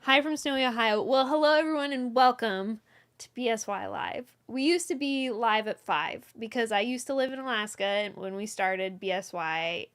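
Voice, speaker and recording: A woman's voice: fairly high pitch, expressive, moderate pace, fairly bright tone. A woman hosting a live stream from a small closet, greeting viewers by name and reading their messages aloud with brief laughs. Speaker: host of a live yarn-shop stream.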